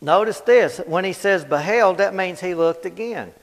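A high-pitched man preaches a Bible study sermon in a plain, folksy manner. He hammers home his points with repetition and drops from loud proclamations to hushed asides. The sound rings with the long echo of a church hall. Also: normal speed. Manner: emphatic and repetitive, swinging from loud declarations to low, quiet asides.

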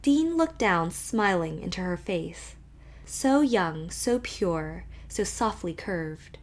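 A woman reading a classic novel aloud as an audiobook narrator, steady and expressive. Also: on the low side, takes it slowly. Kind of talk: scripted narration.

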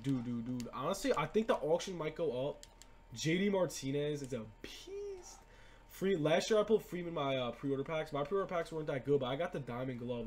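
A young man giving excited, slangy gameplay commentary as a gaming YouTuber, repeating himself often. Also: medium pitch, slight background noise. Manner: hyped, repetitive, slangy.

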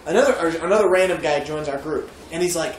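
A man's voice: a little high, quick pace, slight background noise. A man co-hosting a podcast, rambling through a story with frequent giggles. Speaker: podcast co-host. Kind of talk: casual chat, storytelling. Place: room with friends. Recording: roomy echo.

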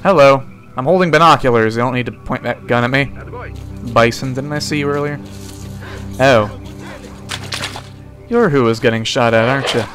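A man's voice: medium pitch, normal speed, long pauses. Young man, game commentary, rambling, jokey, talks to characters, faint music behind. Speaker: let's play host. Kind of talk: casual gameplay commentary.

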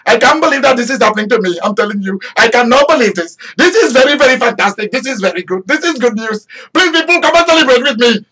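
An overjoyed man with an Indian English accent gushes over his sudden good fortune, played by a man during a sermon. His voice jumps high and swings widely as he exclaims. The words tumble out fast and breathy. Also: full character voice. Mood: overjoyed, disbelieving. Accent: Indian English (imitated). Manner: rapid, exclamatory, high and excited. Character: overjoyed newly promoted man, giddy with disbelief.

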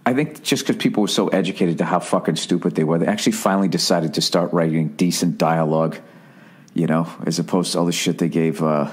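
A man hosting a podcast, ranting in a casual comedic way, profane and quick to mimic voices. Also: deep voice, slightly rough. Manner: profane, animated, mimics voices mid-story. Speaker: podcast host.

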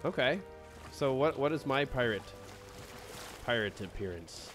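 A man live-streaming a game, excitable and playful, greeting viewers by name and joking in pirate talk. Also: mid-range voice, a little slow, soft background music.

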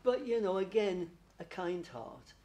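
A man's voice: high-pitched, big pitch swings, unhurried, dark tone. A man working as a medium at a spiritualist church service, chatty and affectionate, laughing often and calling listeners darling. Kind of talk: spiritualist church platform reading.

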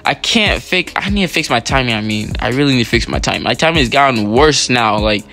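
A man giving excitable, slangy live commentary while playing an online football game, pleading with his teammates. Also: medium pitch, fast talker, faint music behind. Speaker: gaming channel host.

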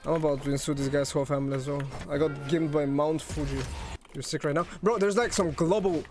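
A man commentating his own fighting-game stream, excitable and swearing, yelling at big plays. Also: fairly high pitch, fast talker, faint music behind.

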